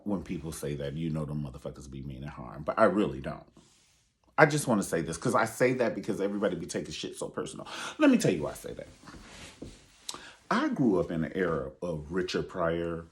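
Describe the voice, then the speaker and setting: A man giving sassy, profane pop-culture commentary and calling his listeners honey. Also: deep voice. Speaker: online show host.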